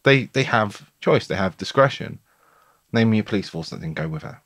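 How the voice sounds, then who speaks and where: A man's voice: lowish voice, expressive, brisk, a bit bright, no room sound, studio quality. A man hosting a podcast, talking in a blunt, chatty, colloquial way in casual conversation. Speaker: podcast host.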